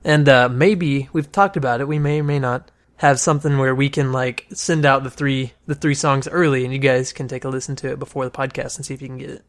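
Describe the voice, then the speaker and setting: A man hosting a podcast in casual chat, playful and quick to laugh. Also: medium pitch, steady tone. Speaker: podcast host.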